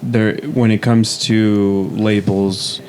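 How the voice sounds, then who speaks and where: A man's voice: on the low side, flat delivery, slow, a little mellow, slight background noise. A man co-hosting a podcast in casual talk, rambling with lots of restarts as he works out his point. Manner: rambling, many fillers and restarts. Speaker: podcast co-host.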